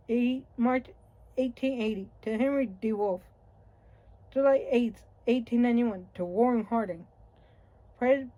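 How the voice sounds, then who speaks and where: A woman reads a history book aloud in a wry, conversational way and sometimes trips over a word and starts again. Her voice is mellow and warm, and it sits a little on the high side. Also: lo-fi sound. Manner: wry, conversational reading with occasional slips and restarts. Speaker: audiobook reader. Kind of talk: reading a nonfiction book aloud.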